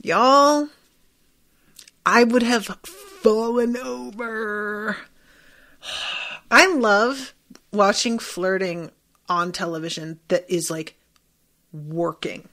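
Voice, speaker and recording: A young adult woman hosting a podcast, chatting excitedly about a TV episode, swearing freely and leaning on lots of "like" fillers. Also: mid-range voice, drawn-out words, pauses often. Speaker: podcast host. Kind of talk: casual commentary on a TV episode.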